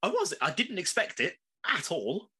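A man chatting casually as a podcast co-host, animated, swearing freely and laughing often. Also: sits high, normal speed, slightly rough. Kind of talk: casual chat.

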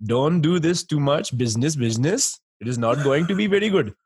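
A man's voice: fairly high pitch, expressive, darkish tone, breathy edge, no room sound, clean studio sound, voice pushed up. A man putting on an Indian accent, voicing a stern parent who lectures about studies. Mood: lecturing. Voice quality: slow, lecturing, exaggerated.

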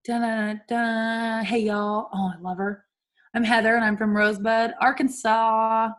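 A woman's voice: mid-range voice, flat delivery, moderate pace, a bit bright. Chatty young woman podcast host. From California. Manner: chatty, laughing, swearing casually. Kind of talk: casual chat.

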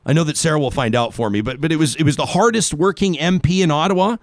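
A man's voice: fairly high pitch, no echo, studio quality. A man from Canada hosting a radio talk show, delivering a sarcastic political commentary monologue that leans hard on key words. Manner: emphatic, sarcastic, dramatic pauses on key words.

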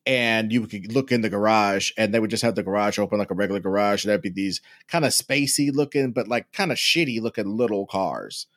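A man chatting on a podcast in a loose, rambling way, full of profanity and easy laughter. He sits at middle pitch. The sound is close and dry, with no room around it. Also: a little fast, hardly any pauses, a bit bright, no echo. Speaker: podcast co-host. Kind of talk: casual chat.

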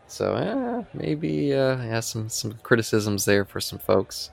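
A man's voice: mid-range voice, big pitch swings, slow, vocal fry. A man co-hosting a podcast, chatting casually about a TV episode and retelling scenes with quoted lines and frequent laughs. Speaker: podcast co-host. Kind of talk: casual chat reviewing a TV episode.

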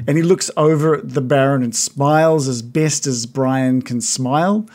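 A man narrating a tabletop game as game master, pausing often with ums as he describes the scene. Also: mid-range voice, a little mellow. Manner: halting, many ums, unhurried description.

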